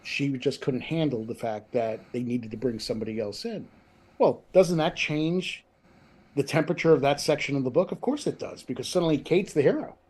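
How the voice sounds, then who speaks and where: A man being interviewed about his book over a video call, telling lively anecdotes in a chatty, self-deprecating way. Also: mid-range voice, brisk, husky. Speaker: author, interview guest. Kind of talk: casual storytelling chat.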